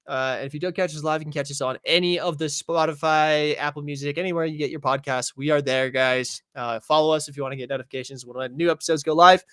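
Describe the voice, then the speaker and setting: Bright, rambling young podcast host. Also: male voice, fairly high pitch, dry recording, clean studio sound. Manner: rambling, self-deprecating. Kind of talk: casual chat.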